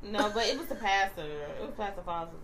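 A woman's voice: mid-range voice, animated, brisk, crowd noise. A woman co-hosting a podcast, telling stories bluntly in casual chat and laughing along the way. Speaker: podcast co-host.

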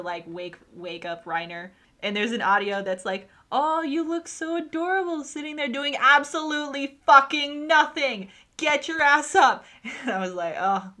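A woman talking casually on a podcast, animated and swearing as she rants about a show. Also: mid-range voice. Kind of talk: casual chat.

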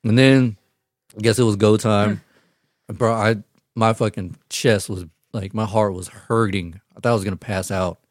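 A man's voice: fairly low pitch, fairly even intonation, normal speed, dry recording, clean studio sound. A young man, the groom, chatting casually with friends and telling stories with lots of laughter and swearing. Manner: laughing, profane storytelling. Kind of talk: casual chat among friends.

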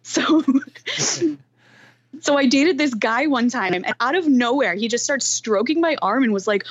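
A woman guest on a podcast, chatting and laughing in a lively, casual way. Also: on the high side, normal speed. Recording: dull, lo-fi sound.

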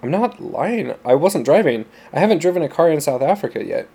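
A man voicing a young American defendant who answers in an earnest, protesting way, with a dark, mellow voice. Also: fairly high pitch, big pitch swings, a little fast, creaky, breathy edge, voice pushed up, heavily acted. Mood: pleading. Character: young American man on trial, bewildered and pleading.

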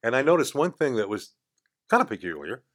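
A man's voice: mid-range voice, a little fast. An older man, a guest in a radio studio, telling a story casually and acting out the voices of the people in it. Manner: animated, acts out quoted voices, chuckles mid-story. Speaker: podcast guest.

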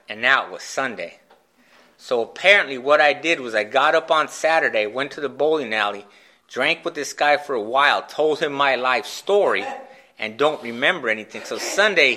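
A man telling his own recovery story in a candid, self-mocking way, with halting restarts. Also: mid-range voice, sharp tone. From Phoenix, Arizona, USA. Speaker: speaker sharing a recovery story. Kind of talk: personal storytelling talk at a recovery meeting.

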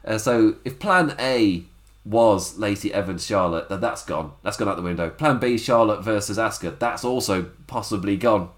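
A man's voice: on the low side, moderate pace. A man giving a chatty, rambling spoken recap of a wrestling show, laughing often and acting out quotes.

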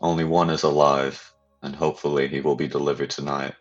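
A man with a very deep voice speaks earnestly as his character in a tabletop game. The recording is a little dull and lo-fi, with faint music underneath. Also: flat delivery, fairly quick. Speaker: player. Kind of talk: tabletop role-play.

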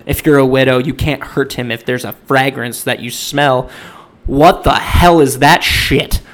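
A man ranting in exasperation during a casual movie review chat, swinging into loud outbursts. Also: medium pitch, steady tone, measured pace.

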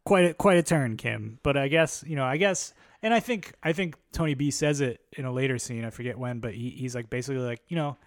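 A man talking casually as a podcast host, circling his points with plenty of fillers and the odd curse. His voice sits at an ordinary pitch and sounds dry and close, with no room around it. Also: a little fast, hardly any pauses, dry recording. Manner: rambling, filler-heavy, profane. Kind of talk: casual chat.

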